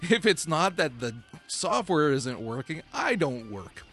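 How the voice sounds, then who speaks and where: A man's voice: a little high, big pitch swings, unhurried, fairly bright tone. A man co-hosting a podcast in casual chat, giggly and self-mocking, short on sleep and laughing to tears. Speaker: podcast co-host.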